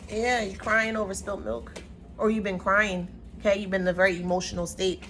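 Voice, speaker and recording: A woman's voice: mid-range voice, fairly even intonation, fairly quick, a bit bright, slight background noise. A woman giving a casual tarot reading on her channel, talking in a sassy, chatty way full of playful slang. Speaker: tarot reader. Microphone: camera mic.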